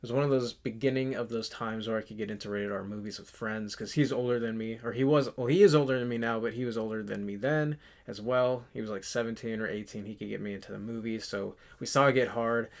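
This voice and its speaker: A man in his twenties chatting casually in a vlog, rambling and halting with lots of fillers and restarts. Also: on the low side, steady tone. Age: 20s. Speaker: channel host. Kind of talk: casual movie collection vlog.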